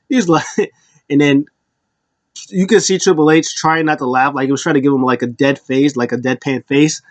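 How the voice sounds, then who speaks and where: Man, casual wrestling recap, rambling restarts, mid pitch, dry close mic. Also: normal speed, no room sound. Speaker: wrestling show commentator.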